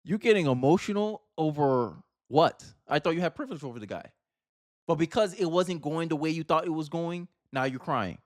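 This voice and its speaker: A man's voice: high-pitched, no room sound, clean studio sound. A man hosting a reaction commentary, talking in an emphatic, argumentative way and repeating phrases for effect. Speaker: commentary host.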